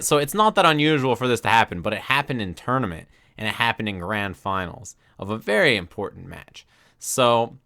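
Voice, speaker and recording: A man streaming from his desk, retelling a tournament story in casual commentary and acting out the crowd's reactions. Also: medium pitch. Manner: animated, acts out crowd reactions with quick asides.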